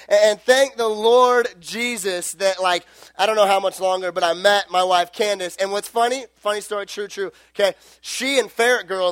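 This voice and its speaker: A man's voice: high voice, fairly even intonation, normal speed, a bit bright, no echo. A young man preaching in a casual, rambling storytelling way, full of fillers and self-corrections.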